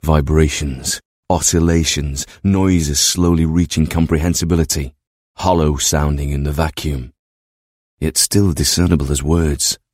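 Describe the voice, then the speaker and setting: A man reading a story aloud in steady, descriptive narration. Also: very deep voice, unhurried, no room sound, clean studio sound.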